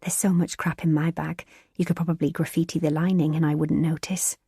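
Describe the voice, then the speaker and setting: A woman's voice: deep voice, little pitch movement, brisk, dark tone, slightly rough, dry recording, studio quality, exaggerated voice. A woman narrator voicing a sympathetic, scatterbrained woman speaking in an offhand way.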